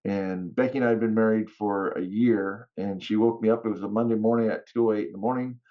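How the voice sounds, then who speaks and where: A man's voice: on the low side, fast. Man telling stories on a podcast, laughs a lot, kinda muffled audio. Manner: animated, laughs often, acts out quotes. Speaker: podcast guest. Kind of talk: casual storytelling.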